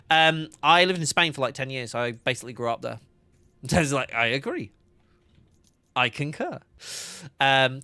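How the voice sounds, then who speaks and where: A man's voice: mid-range voice, pushed and bright, no room sound. A man, chatting casually on a game livestream, laughing often and reading chat aloud. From England. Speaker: game streamer.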